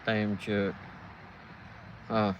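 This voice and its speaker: A fairly low-pitched man speaks in a flat delivery, drawing out his words, over dull audio with a little hiss or hum. He's in his fifties with an English accent, hosting a casual stream where he rambles, reads the chat out loud and laughs a lot.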